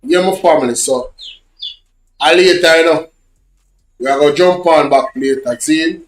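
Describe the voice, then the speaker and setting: A man's voice: a little high, moderate pace, reverberant, a little hiss or hum. A man with a Jamaican accent, casually telling rambling, repetitive stories in patois to his online viewers. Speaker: social media vlogger. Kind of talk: casual storytelling chat.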